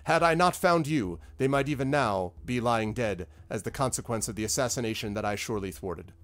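A man's voice: medium pitch, fairly quick, a bit bright, lightly acted. A man voicing a vain, theatrical male rogue with grand, dramatic speeches in a tabletop game. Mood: grandiose.

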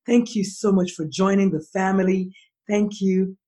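A woman's voice: medium pitch, moderate pace. Emphatic woman podcast host. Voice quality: expressive, emphatic with repetitions. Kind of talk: enthusiastic podcast hosting.

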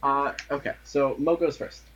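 Halting young-sounding game master, muffled. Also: male voice, mid-range voice, fairly bright tone, a little hiss or hum. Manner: hesitant, many fillers. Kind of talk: narrating a tabletop game.

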